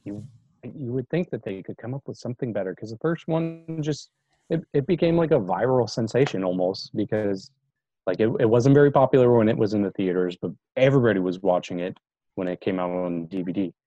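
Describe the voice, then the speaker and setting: A man's voice: fairly low pitch, brisk, mellow, dry recording. A man co-hosting a casual movie review chat, easygoing and hesitant, often trailing off. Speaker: podcast co-host. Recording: dull dry lo-fi sound.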